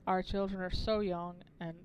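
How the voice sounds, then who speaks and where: A woman voicing a grieving, sleepless male colonist uncle who talks slowly and somberly. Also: lowish voice, flat delivery, darkish tone, a little hiss or hum, natural voice. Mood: pleading. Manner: slow, somber, tired.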